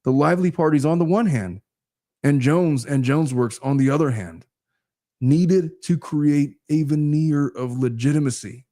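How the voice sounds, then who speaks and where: Male host, measured reader of court documents, warm mellow voice, casual asides. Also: on the high side. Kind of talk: reading a legal complaint aloud with commentary.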